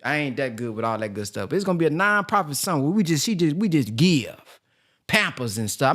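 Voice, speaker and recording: A man's voice: fairly high pitch, very animated, a little fast, fairly bright tone, no room sound, studio quality. A man talking casually to his viewers, rambling and heartfelt with lots of fillers. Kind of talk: casual personal talk to viewers.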